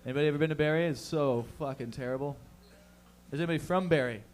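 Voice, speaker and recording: A man's voice: fairly high pitch, fast, a little mellow. A young man doing a stand-up set, with profane, rambling, conversational talk. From Canada. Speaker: stand-up comedian.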